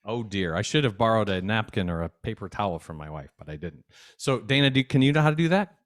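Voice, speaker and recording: Smooth-voiced upbeat man teaching kids. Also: on the low side, expressive, fast. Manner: upbeat, chatty, speaks straight to young viewers. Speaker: children's music teacher. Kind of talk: at-home music lesson for kids. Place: home desk.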